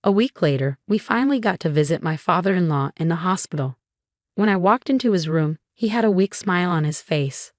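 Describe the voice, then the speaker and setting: A woman giving steady, scripted first-person narration of a family drama story. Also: on the low side, fairly quick, dry recording, studio quality.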